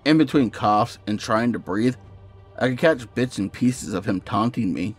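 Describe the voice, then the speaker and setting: A man narrating a first-person horror story in a steady storytelling voice over faint music. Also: on the low side, normal speed, slightly rough.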